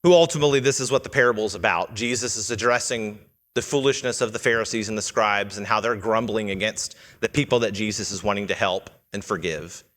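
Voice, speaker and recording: The church hall's long reverb carries a man's sermon, delivered fast in a fairly bright voice that sits on the low side. Earnest and instructive, he asks his congregation questions in the sanctuary and performs quoted lines in character.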